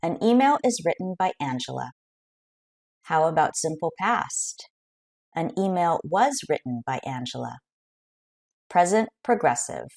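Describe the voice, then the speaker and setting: A woman teaching an English grammar lesson, explaining clearly and carefully with example sentences. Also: sits low, big pitch swings, unhurried, pauses often, a little mellow.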